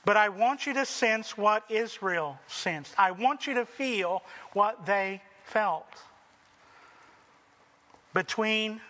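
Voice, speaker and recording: A man preaching a sermon slowly and deliberately, acting out the people's voices in dramatic quotes. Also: high voice, lively intonation, pushed and bright, in a large hall. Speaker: pastor.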